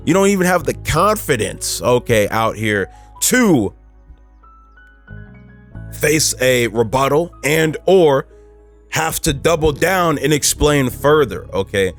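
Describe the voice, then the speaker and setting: A man's voice: on the high side, expressive, slow pace, soft background music. A man hosting a motivational podcast, talking casually and emphatically with lots of fillers, pushing his voice up to stress points. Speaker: podcast host.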